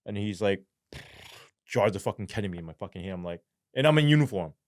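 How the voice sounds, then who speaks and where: In a dry, studio-quality recording, a lowish-voiced man speaks at a quick pace. He's a New York ex-police sergeant, animated and profane, spinning a story in a casual interview and voicing the quotes himself.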